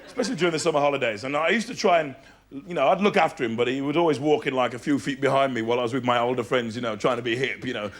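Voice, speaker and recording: A man's voice: medium pitch, racing. A man in his thirties with a Birmingham accent, telling stories on stage in a live stand-up show, switching into character voices. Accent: Birmingham English. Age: 30s. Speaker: stand-up comedian. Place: large theatre stage. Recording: loud audience laughter over live stage mic.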